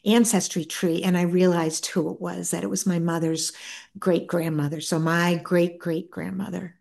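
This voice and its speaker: Soft-spoken, earnest middle-aged woman. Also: fairly low pitch, level tone, gravelly. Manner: soft-spoken, earnest, halting with many restarts. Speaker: author and interview guest. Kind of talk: reflective personal storytelling.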